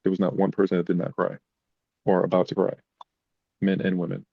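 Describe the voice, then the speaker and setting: A man's voice: low voice, brisk, vocal fry, breathy edge, no room sound, highs cut off. A man, a podcast guest, telling personal stories in a casual, emotional way. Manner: emotional, animated retelling. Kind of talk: casual storytelling.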